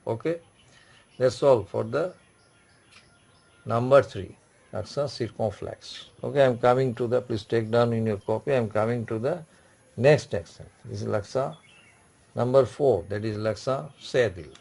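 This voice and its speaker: Gravelly-voiced man teaching a class. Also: medium pitch, a little mellow. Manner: repetitive, explains slowly with many restarts. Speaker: French teacher. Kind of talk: classroom lecture.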